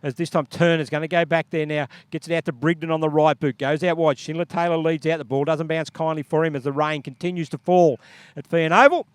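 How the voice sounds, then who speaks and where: A man calls a local football game at full speed, reeling off names and plays one after another. His voice is smooth and clear, slightly high, and recorded dry and close with no room sound. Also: flat delivery, no room sound. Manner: rapid running play-by-play with casual asides. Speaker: play-by-play commentator. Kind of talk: live sports commentary.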